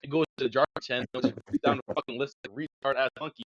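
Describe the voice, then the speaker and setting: A man's voice: mid-range voice, fairly even intonation, racing. A young man in a heated online voice-chat debate, ranting aggressively and hurling insults at his opponent over a dull, lo-fi line.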